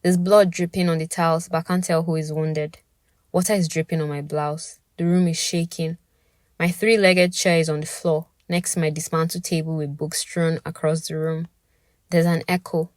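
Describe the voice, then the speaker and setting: A woman's voice: low voice, little pitch movement, moderate pace, a little mellow, dry recording, clean studio sound. A young woman narrating a first-person story in a dramatic, intimate way. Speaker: podcast narrator.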